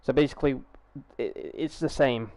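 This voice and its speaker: A man's voice: mid-range voice, normal speed, darkish tone, dry recording. A young man chatting casually on a live gaming stream through a headset, rambling, swearing freely and restarting his sentences.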